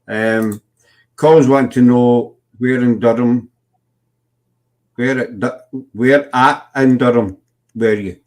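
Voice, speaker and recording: A man's voice: mid-range voice, fairly even intonation, slow pace, pauses often, a little mellow. Rambling Scottish man telling stories. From Scotland. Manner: rambling storyteller with many fillers and restarts. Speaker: podcast host. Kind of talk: casual chat.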